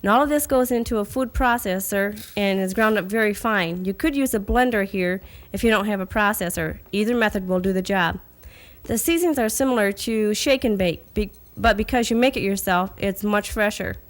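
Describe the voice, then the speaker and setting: A woman narrates a recipe in a TV studio kitchen, her delivery steady and instructive. Her voice sits at a middle pitch and she keeps a friendly, even tone throughout. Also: a little fast. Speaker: cooking segment host.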